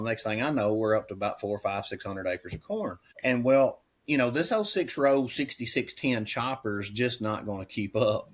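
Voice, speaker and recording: A middle-aged man, a dairy farmer telling stories in casual chat, rambling and folksy. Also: fairly bright tone. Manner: folksy, rambling, acts out quoted dialogue with rising pitch. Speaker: dairy farmer and auctioneer, podcast guest.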